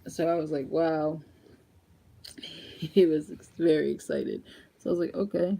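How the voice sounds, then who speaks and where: A young woman chatting casually in a makeup vlog, animated and laughing often as she talks straight to her viewers. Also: low-pitched, measured pace, creaky. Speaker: beauty vlogger.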